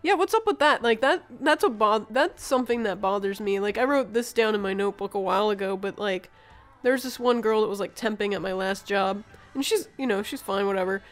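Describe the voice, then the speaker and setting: A woman in casual chat who talks in a relaxed way with many fillers. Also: mid-range voice, a little fast, soft background music.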